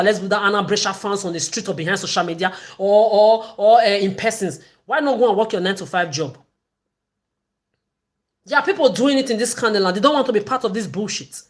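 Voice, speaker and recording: Ranting woman on a livestream. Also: medium pitch. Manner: ranting, accusatory, repetitive. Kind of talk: angry livestream rant.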